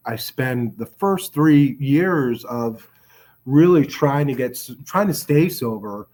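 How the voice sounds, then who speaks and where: A man's voice: mid-range voice, lively intonation, slow pace, a little mellow. A middle-aged man from the Chicago area, telling his recovery story as a podcast guest in an earnest, reflective way, with many restarts and filler words. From Chicago area, USA. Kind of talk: personal storytelling in a podcast interview.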